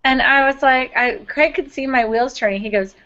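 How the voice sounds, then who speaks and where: A woman's voice: sits high, moderate pace, bright, forceful tone. Chatty woman host, lo-fi sound. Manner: chatty, laughs easily, imitates other people. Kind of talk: casual conversation. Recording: dull lo-fi recording.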